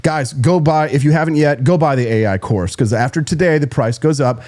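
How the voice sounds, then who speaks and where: A man hosting a political talk show, ranting loudly and mocking his opponents. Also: fairly high pitch, a little fast. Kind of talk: heated political rant.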